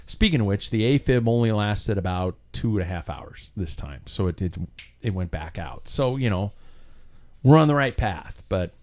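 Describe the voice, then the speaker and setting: Low-voiced man telling a rambling story. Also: expressive, normal speed, a little mellow. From United States. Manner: rambling storyteller with many restarts and fillers. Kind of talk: casual chat.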